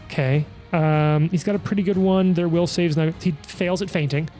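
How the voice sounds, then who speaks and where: A man running a tabletop game as game master, calling attacks and damage in a quick, auctioneer-like play-by-play. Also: on the high side, fairly even intonation, mellow, faint music behind.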